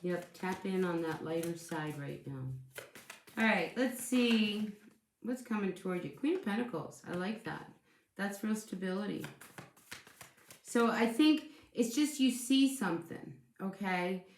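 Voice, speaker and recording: A woman talks through a tarot spread in a loose, chatty way, often doubling her words as she restarts. Her tone is reassuring and her voice sits in a middle pitch. She is recorded in a room with a noticeable echo. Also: lively intonation, a little slow, a little hiss or hum. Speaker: tarot reader. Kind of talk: casual tarot reading.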